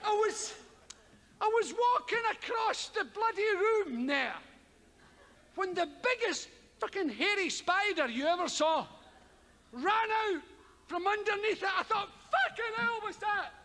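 A Scottish man performing stand-up comedy in a boisterous manner, swearing, shouting his punchlines and acting out voices. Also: extremely high pitch, expressive, unhurried, long pauses, big-room sound. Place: live comedy stage.

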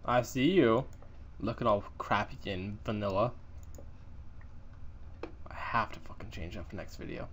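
A man giving casual, excitable commentary while playing a survival game, swearing and joking with his viewers. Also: fairly low pitch, measured pace, long pauses, slight background noise. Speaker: gaming YouTuber.

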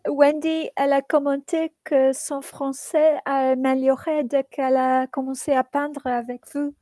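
A woman's voice: sits high, level tone, moderate pace, mellow, no echo, poor audio. A woman co-hosting a live stream, chatting casually and encouragingly while translating between languages. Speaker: co-host and interpreter. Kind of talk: casual bilingual live chat.

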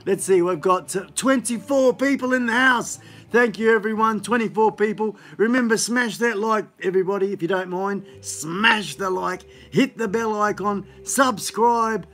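A man's voice: high voice, normal speed, fairly bright tone, soft background music. Rambling man hosting a live stream. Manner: rambling, chatty, upbeat, many fillers. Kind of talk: casual live-stream chat. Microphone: phone on a gimbal.

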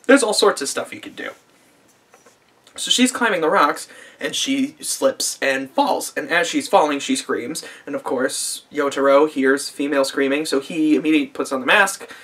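A man's voice: a little high, normal speed, fairly bright tone, slightly rough. A man in his twenties giving a casual, profane vlog review of a show, rambling with lots of fillers and dry sarcasm. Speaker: anime reviewer.

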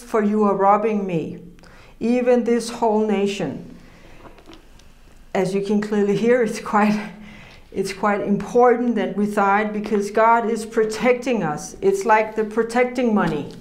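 A woman's voice: medium pitch, unhurried. A woman preaching an informal sermon, earnest and conversational, laughing often as she teaches. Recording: roomy echo.

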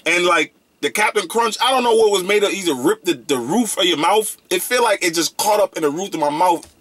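Husky, excitable young man reviewing snacks. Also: sits high, fairly quick. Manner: excitable, slangy, loud whoops. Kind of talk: casual food review vlog.

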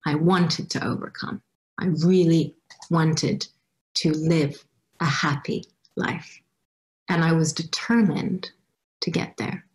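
Slightly low-voiced woman telling her story. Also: steady tone, takes it slowly, pauses often. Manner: reflective, acts out her own past reactions. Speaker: guest speaker at a youth summit. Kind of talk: personal storytelling talk.

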